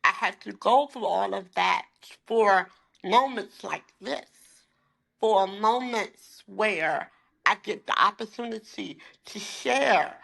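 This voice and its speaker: A woman in her forties, a life coach, speaks with a bright, tense tone and a gravelly fry at the edges. She talks with emphatic, heartfelt conviction about her faith. Now and then she seems close to tears. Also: medium pitch. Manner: emphatic and heartfelt, sometimes holding back tears. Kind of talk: candid faith-filled interview talk.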